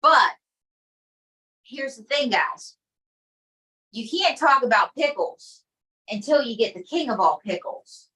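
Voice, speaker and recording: Bright-voiced playful woman comedian. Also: on the high side, slow, long pauses, low-quality recording. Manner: animated, playful. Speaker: improv comedian. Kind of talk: improv sketch.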